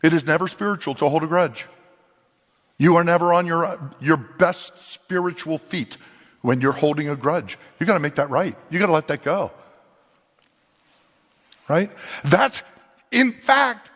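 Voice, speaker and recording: A male pastor preaching a sermon in an animated, conversational way, full of rhetorical questions. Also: fairly high pitch, moderate pace, slightly rough, long reverb tail. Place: church sanctuary.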